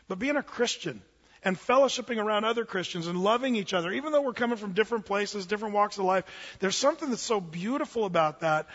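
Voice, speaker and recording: High, bright-voiced pastor preaching in a church hall. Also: male voice, breathy edge. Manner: storytelling, animated and confessional. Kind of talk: sermon. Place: church sanctuary. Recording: dull sound in a large reverberant hall.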